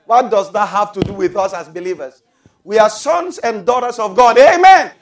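A man preaching a sermon to his congregation, calling for amens and shouting out drawn-out phrases. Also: high voice. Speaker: pastor.

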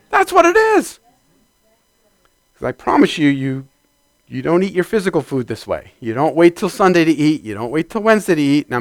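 A man preaching a conversational sermon to his congregation, swinging from loud bursts to quiet asides. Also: high voice, dry recording.

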